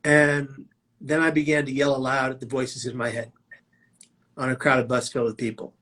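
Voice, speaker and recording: A man's voice: mid-range voice, flat delivery, moderate pace, pushed and bright. A man telling his own life story as a prevention speaker, in a vivid, dramatic way with emphatic quoted lines. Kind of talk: personal storytelling talk.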